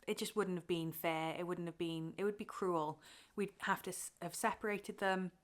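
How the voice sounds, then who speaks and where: A woman's voice: on the low side, steady tone, normal speed. A young woman from Wales chatting casually to camera about her cross-stitch, talking openly and getting emotional, with fillers and laughs.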